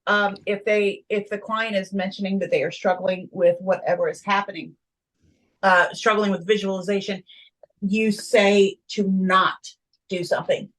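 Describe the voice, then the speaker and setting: A woman's voice: mid-range voice, steady tone, moderate pace, fairly bright tone, low-quality recording. A woman who works as a hypnotist, plainly describing how she guides clients in a casual podcast talk. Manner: explains her methods plainly. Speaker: hypnotist guest.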